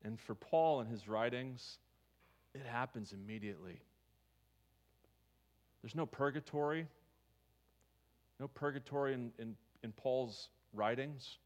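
A man's voice: mid-range voice, unhurried, long pauses. A man preaching a sermon as pastor, talking conversationally and asking his listeners questions. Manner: conversational, asks the congregation questions.

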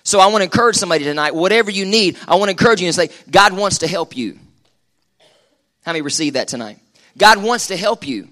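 A middle-aged man preaching a lively live sermon in a church. He jokes, chats and calls on the congregation to answer back. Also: sits high, fast talker. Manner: joking, chatty, calls for crowd response. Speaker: pastor.

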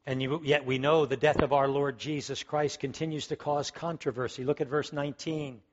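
A man's voice: medium pitch, fairly even intonation, normal speed, highs cut off. A man preaching a sermon, emphatic and fervent, repeating key words as he builds to strong peaks. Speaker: pastor.

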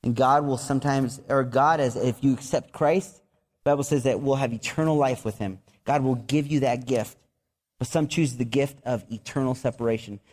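A man preaching a sermon as a pastor, talking to his church in a conversational way, with restarts and repeated words and bursts of animated storytelling. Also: medium pitch, moderate pace. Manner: animated storytelling with excited outbursts.

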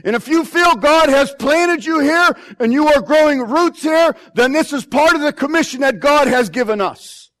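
A pastor delivers a sermon from his church with a strikingly high voice. He preaches emphatically, repeating key phrases and swinging between loud declarations and quiet asides. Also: expressive, normal speed, hardly any pauses.

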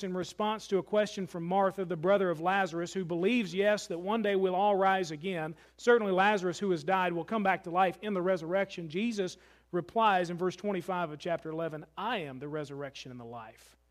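A man preaching a sermon as pastor, earnest, slowing and softening for emphasis. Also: high-pitched, steady tone.

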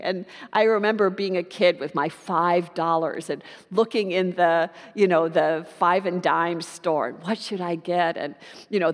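Woman preacher telling a story, easygoing, big church reverb. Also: fairly low pitch. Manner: warm anecdotal storytelling. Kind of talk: sermon storytelling.

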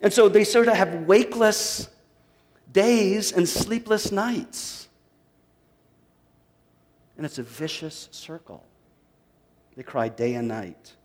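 A man's voice: high-pitched, animated, slow pace, long pauses. Male pastor preaching in a reverberant hall. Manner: dramatic reading with wide swings from loud to hushed. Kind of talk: sermon.

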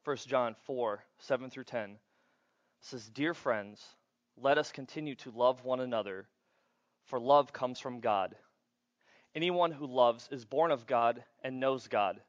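Animated male pastor preaching. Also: medium pitch, measured pace, no echo, dull audio. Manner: playful, animated, acts out little scenes. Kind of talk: sermon.

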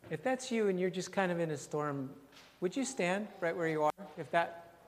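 An older man, preaching and praying in a church in a gentle, unhurried way, repeating phrases and often dropping very soft. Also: high voice, a little hiss or hum. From Canada. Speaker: pastor. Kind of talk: sermon and prayer. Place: church sanctuary. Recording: long hall reverb, faint ambience.

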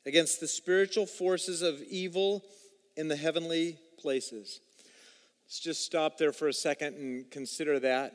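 High-voiced man preaching in a hall. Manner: energetic preaching with dramatic pitch swings. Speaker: pastor. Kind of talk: sermon. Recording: long reverb of a large hall.

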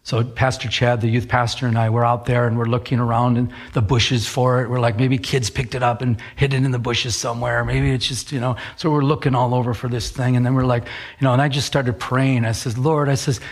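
Storytelling man preaching a sermon. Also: mid-range voice. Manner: animated storyteller, acts out quoted voices, slows for scripture. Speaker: pastor.

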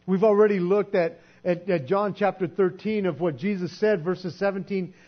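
A man preaching a sermon in a conversational way, sometimes acting out quoted voices and dropping to a soft hush. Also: high-pitched, fairly even intonation, normal speed. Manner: conversational, acts out quoted voices, drops to soft hushed tones. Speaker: pastor. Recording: dull lo-fi sound with mains hum.

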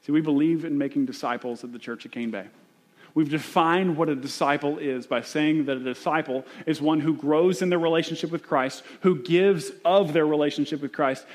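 A pastor with a somewhat high voice preaches to his church. He tells stories and then drives home his point with urgent, repeated questions. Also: normal speed. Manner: storytelling, building to urgent repeated rhetorical questions. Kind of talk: sermon.

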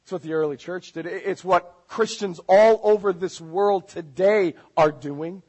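A male pastor delivers a sermon with a high, husky voice. He swings from loud, urgent appeals to low, hushed intensity. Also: measured pace, low-quality recording. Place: church.

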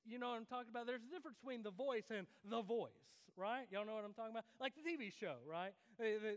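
A man preaching a sermon, talking conversationally with restarts and swinging from loud emphasis to hushed asides. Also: very high-pitched, animated, fast talker, few pauses. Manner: conversational preaching with repeated restarts, rising and dropping sharply for emphasis. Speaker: pastor. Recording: long hall reverb.

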